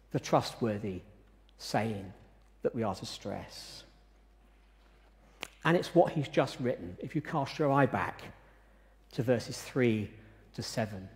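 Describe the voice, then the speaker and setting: Slow, lively-voiced preacher in an echoey church. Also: male voice, mid-range voice. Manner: measured, emphatic preaching with pauses. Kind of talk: sermon. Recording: reverberant church sanctuary.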